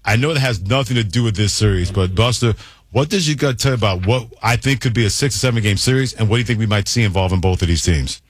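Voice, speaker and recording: A man's voice: fairly low pitch, fast, husky, no room sound, studio quality. A man hosting sports radio, setting up questions for his guest. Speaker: radio host.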